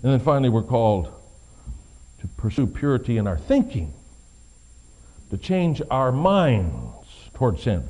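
Middle-aged male pastor preaching with a mellow voice. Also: medium pitch, sing-song, unhurried, long pauses. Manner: swings from quiet to loud, stressed emphatic delivery. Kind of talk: sermon.

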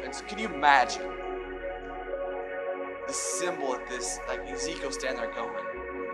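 A man preaching a sermon, moving from conversational talk to loud, fervent preaching. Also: mid-range voice, unhurried, long pauses. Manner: builds from conversational to shouted preaching. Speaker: pastor. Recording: music playing underneath.

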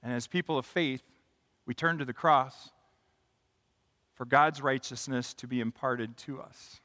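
A man preaching a sermon as a pastor, moving from quiet reflection to impassioned emphasis. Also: mid-range voice, measured pace, big-room sound.

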